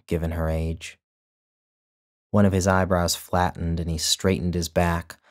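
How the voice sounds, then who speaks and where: A man narrating his own short story in a measured, deliberate storytelling manner. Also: sits low. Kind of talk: scripted narration.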